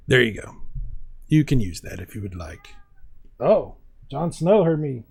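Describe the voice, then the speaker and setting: Gravelly guy on a game stream chatting with viewers, laughs a lot, mid pitch. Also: very animated, unhurried, darkish tone. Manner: laughs often, reads chat aloud, playful asides. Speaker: livestream host. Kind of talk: casual chat reading viewer comments.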